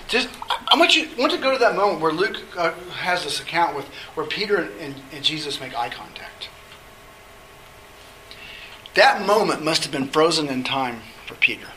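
A man's voice: fairly high pitch, pushed and bright, a little hiss or hum, low-quality recording. A man leading a Bible study group, teaching in a conversational way and often checking in with the group by asking "okay?".

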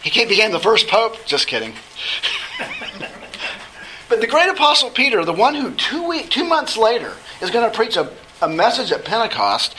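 A man's voice: high voice, pushed and bright, a little hiss or hum, rough recording. A man teaching a Bible study lesson, talking conversationally and putting questions to the class. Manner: conversational, asks the class questions, halting restarts.

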